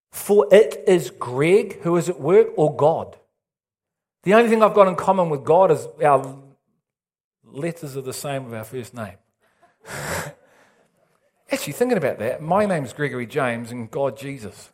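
A male pastor preaching an excitable, animated sermon with big swings in pitch. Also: measured pace, long pauses.

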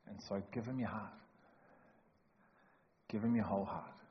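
A man preaching a sermon in a church hall, emphatic and joking, swinging from loud to hushed. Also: on the low side, normal speed. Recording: echoey hall, dull lo-fi sound, faint noise.

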